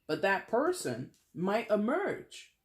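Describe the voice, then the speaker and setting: Chatty tarot reader, mid-pitch voice, playful and a bit dramatic, echoey room. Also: huge pitch swings, takes it slowly. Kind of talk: casual tarot reading monologue. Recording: roomy echo.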